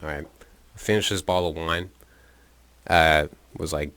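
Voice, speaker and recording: A man's voice: rumbling low, fairly even intonation, normal speed, fairly bright tone, clear, resonant tone. A man telling a personal story in a rambling, profane, casual way into his own microphone, with chuckles and filler words. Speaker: podcast storyteller.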